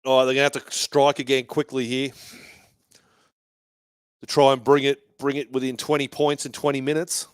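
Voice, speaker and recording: A man's voice: medium pitch, level tone, normal speed, pauses often, clear, resonant tone, no room sound, clean studio sound. A man hosting a fan live stream from a bar, giving casual, sweary match commentary and banter.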